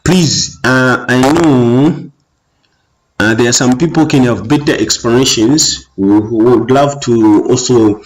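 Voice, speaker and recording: A man's voice: medium pitch, slow pace, low-quality recording. A man teaching a revision lesson, explaining word meanings patiently and checking in with the class. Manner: patient, repeats and checks with "okay?".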